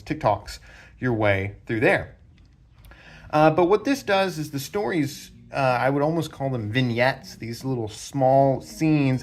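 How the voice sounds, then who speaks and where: A man hosting a book channel, casually explaining story structure while drawing diagrams, rambling with many fillers and restarts. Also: medium pitch. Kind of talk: casual explanatory talk at a whiteboard.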